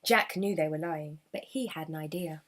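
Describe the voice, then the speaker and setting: A woman reading a children's storybook aloud with an expressive, animated delivery. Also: low-pitched, moderate pace, noisy background.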